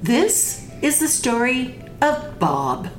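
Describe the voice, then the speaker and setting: A woman hosting a children's podcast, introducing a story in a gentle, clear way. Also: sits high, very animated, takes it slowly, music in the background. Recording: echoey room.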